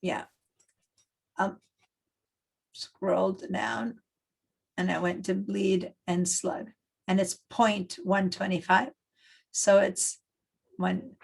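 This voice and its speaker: Brief: middle-aged woman from Argentina, design teacher on a video call, some vocal fry, chatty and explanatory. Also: mid-range voice, a little mellow, rough recording. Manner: chatty, explains step by step with many fillers. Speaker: design instructor. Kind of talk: online class teaching. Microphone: computer mic on a video call.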